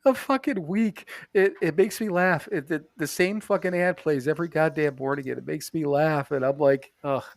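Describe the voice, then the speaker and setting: A man's voice: fairly high pitch, fairly even intonation, brisk, gravelly, hardly any pauses, dry recording, clean studio sound. Rambling, laughing man on a podcast. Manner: rambling, profane, laughs often. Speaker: podcast co-host. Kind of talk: casual chat. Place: bathroom.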